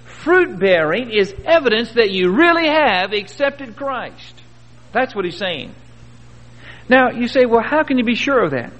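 A man's voice: very high voice, very animated, a little slow, a bit bright. A man preaching a sermon in a folksy, earnest way, with rhetorical questions and homespun stories. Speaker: pastor. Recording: dull old recording in a reverberant hall.

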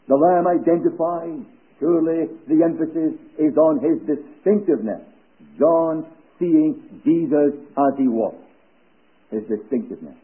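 A man preaching a sermon at a church service, measured, letting key phrases fall to hushed low endings. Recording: tinny phone-like recording.

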